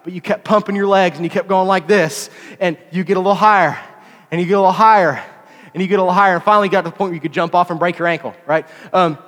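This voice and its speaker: Animated man preaching in an echoey hall. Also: sits high, quick pace. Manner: animated, conversational preaching with repetitions. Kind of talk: sermon.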